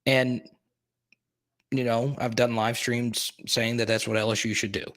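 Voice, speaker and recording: Excitable man hosting a sports stream. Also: mid-range voice, a little slow. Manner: excitable, talks straight to the chat, repeats himself. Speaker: sports live stream host. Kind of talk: casual live stream chat.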